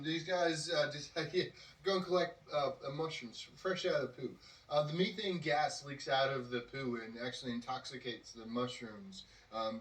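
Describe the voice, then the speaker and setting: In a roomy, distant recording, a podcast host with a medium-pitched, fairly bright voice tells a casual story. It's a rambling telling full of fillers and acted quotes.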